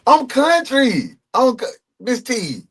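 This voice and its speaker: Southern guy streaming, hollering at chat, voice all over the place. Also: fairly high pitch. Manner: loud, joking, calls out to chat. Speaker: live-stream reaction host. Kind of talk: casual live-stream commentary.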